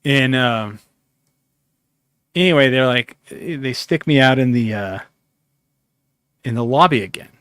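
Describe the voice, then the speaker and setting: This man's mid-range, somewhat bright voice moves at a measured pace with frequent pauses, captured in clean studio sound with no room sound. As a podcast host, he rambles through a lengthy, profane story in casual conversation, acting out snippets of dialogue.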